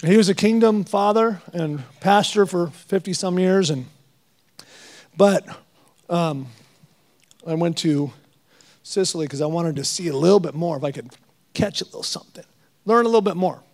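A middle-aged man preaching a guest sermon, animated and storytelling with jokes. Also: sits high, moderate pace, pauses often.

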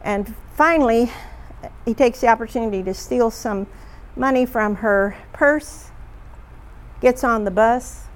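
A woman leading a group discussion, retelling stories in a chatty, halting way with frequent fillers. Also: a little high. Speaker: discussion leader.

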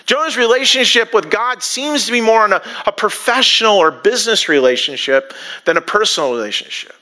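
A man preaching a sermon, acting out quoted lines with animated rising emphasis. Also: sits high, fairly quick. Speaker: pastor.

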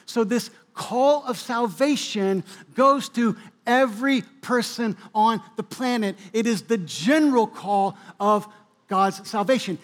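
A male pastor delivering a sermon, preaching with bursts of emphasis and occasional restarts. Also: extremely high pitch. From New England, US.

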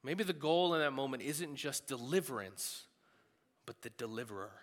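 A man preaching a sermon in a conversational, animated way, with quick asides. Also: mid-range voice. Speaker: pastor. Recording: long hall reverb.

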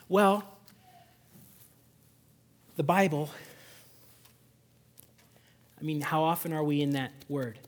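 A man preaching a Sunday sermon as a pastor, swinging between loud exhortation and hushed, intimate emphasis. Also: fairly high pitch, a little slow, long pauses. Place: church service.

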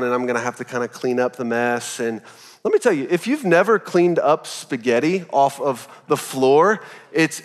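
A man in his thirties preaching a sermon as pastor, telling a story in a loose, animated, conversational way full of "like". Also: mid-range voice, in a large hall. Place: church auditorium.

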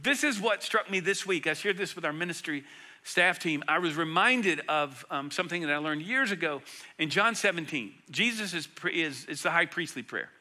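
A middle-aged man preaching to his congregation, his voice very bright and ringing, pitched a little high for a man. He moves between loud, emphatic declarations and soft, hushed passages, always earnest. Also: expressive, moderate pace. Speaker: pastor. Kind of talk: sermon.

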